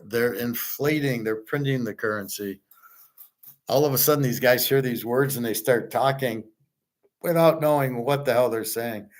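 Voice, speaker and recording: A man hosting his own show, ranting bluntly about money and gold in a scornful, rambling way, with swearing and restarts. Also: mid-range voice. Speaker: host. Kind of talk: unscripted rant on gold and economics.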